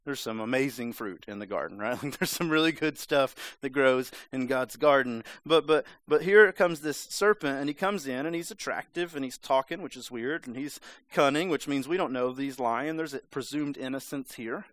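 A man's voice: mid-range voice, moderate pace, few pauses, fairly bright tone, dry recording. A man preaching a sermon in a conversational, emphatic way, sometimes acting out voices. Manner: conversational, emphatic, acts out the serpent's lines.

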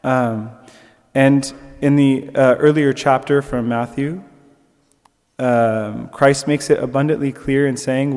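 A man's voice: medium pitch, slow pace, clear, resonant tone, in a large hall. A young man giving a conversational sermon reflection, with fillers and restarts. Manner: conversational, with fillers and restarts, animated when telling stories. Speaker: preacher.

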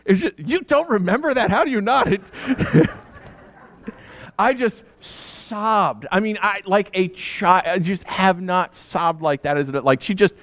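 A man's voice: sits high, lively intonation, a little slow, a bit bright, no room sound. A middle-aged man preaching a sermon in a chatty, conversational way, with asides to his congregation and bursts of laughter. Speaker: pastor.

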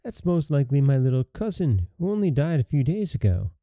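A man reading aloud and voicing a fearless, cheerful young man in a storybook, with a slightly gravelly voice. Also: mid-range voice, big pitch swings, brisk, mellow, no room sound, studio quality, voice pushed up. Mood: cheeky.

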